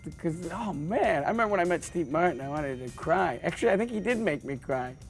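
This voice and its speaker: A man who is a stand-up comedian, rambling through deadpan jokes with lots of stammers and restarts. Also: on the high side, fairly quick, soft background music. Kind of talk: joking interview monologue.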